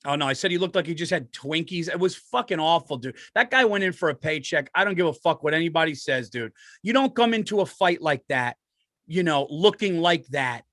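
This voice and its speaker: Middle-aged guy, high voice, swears a lot, excited storytelling on a podcast, dry close mic. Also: a little fast, no room sound. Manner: excitable, profane storytelling with laughs. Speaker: stand-up comedian and podcast co-host. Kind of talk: casual podcast chat.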